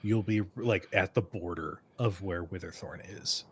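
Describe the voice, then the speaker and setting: A man's voice: deep voice, moderate pace, a little hiss or hum. A man running a tabletop game as game master, narrating scenes and making rulings for the players.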